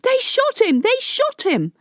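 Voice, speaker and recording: A woman voicing a desperate young man in an audiobook, pleading in a high, shrill voice. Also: huge pitch swings, a little slow, a bit bright, dry recording, studio quality, exaggerated voice. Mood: frantic pleading. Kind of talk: audiobook character voice.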